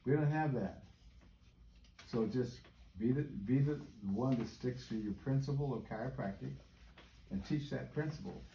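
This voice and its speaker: Male host, mellow tone, earnest and advising, echoey room. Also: mid-range voice, moderate pace, long pauses, a little hiss or hum. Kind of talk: casual talk to colleagues.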